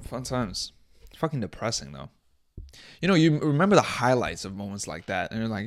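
A man's voice: on the low side, very animated, moderate pace, long pauses. A young man hosting a podcast, telling profane, laugh-filled stories in a casual way. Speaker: podcast host. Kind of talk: casual storytelling.

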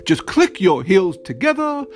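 A man voicing a kind good witch, speaking softly and soothingly in a raised put-on voice for a children's story. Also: sits high, huge pitch swings, pitched above the performer's own voice, heavily acted. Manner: soothing, slow.

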